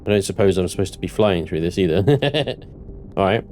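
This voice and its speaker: A man giving let's-play commentary on his game, thinking aloud and breaking into panicked yelling and joking curses. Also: sits low, lively intonation, fairly quick, faint music behind. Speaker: gaming channel host.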